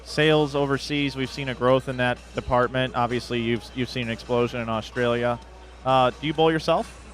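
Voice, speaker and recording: A man's voice: medium pitch, fairly even intonation, fairly quick, faint music behind. A man interviewing guests on a live broadcast in a jokey, upbeat way.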